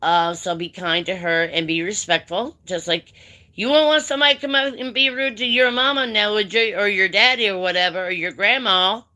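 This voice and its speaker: A woman's voice: medium pitch, fairly quick, bright, forceful tone. A woman hosting a casual craft chat livestream, talking in a folksy, affectionate way straight to her viewers. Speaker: live-stream craft chat host.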